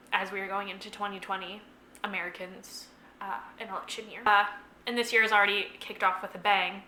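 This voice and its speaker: A woman's voice: mid-range voice, pushed and bright, echoey room, a little hiss or hum. A woman vlogging her monthly reading wrap-up, gushing about favorite books with lots of likes and ums. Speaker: book vlogger.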